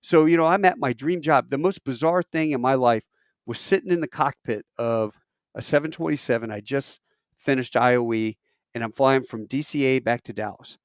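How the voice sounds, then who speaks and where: A man's voice: medium pitch, normal speed, no echo, studio quality. A man in his fifties, an airline pilot and podcast co-host, telling a long personal story in casual chat and acting out the people in it. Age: 50s. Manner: animated storyteller acting out quoted voices.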